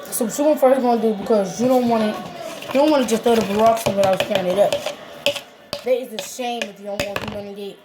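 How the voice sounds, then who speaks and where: A woman's voice: medium pitch, fast talker, background noise. A woman with a Washington DC accent, chatting casually as she talks viewers through a how-to video in a slangy, rambling way. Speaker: vlogger.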